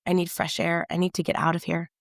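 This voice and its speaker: A woman reading her novel aloud in the first person, in a measured, tense storytelling manner. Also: lowish voice, completely flat delivery, gravelly, dry recording, studio quality.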